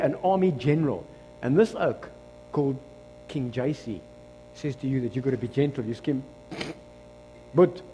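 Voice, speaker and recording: A man with a South African accent preaching a sermon as pastor, switching between loud exclamations and quiet asides. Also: fairly high pitch, breathy edge, in a large hall. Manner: animated preaching, shifts between shouting and hushed asides.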